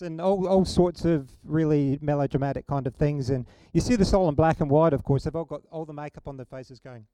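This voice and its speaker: A middle-aged man preaching a sermon, telling a story in an animated, humorous way. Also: fairly high pitch, fairly quick, hardly any pauses, no room sound.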